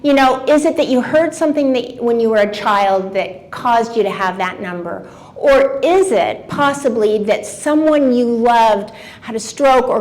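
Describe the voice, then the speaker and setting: A woman in her seventies addresses a live audience in an event room, her voice sitting a touch high for a woman. She talks in a lively, engaging way, throwing questions at the crowd and answering them herself. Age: 70s. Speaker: motivational speaker.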